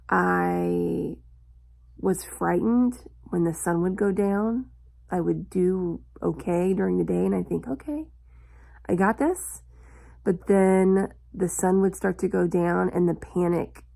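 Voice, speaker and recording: A woman in her thirties telling a personal story in a confessional vlog, slowly and reflectively, with long pauses. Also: lowish voice, creaky, warm tone. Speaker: vlogger.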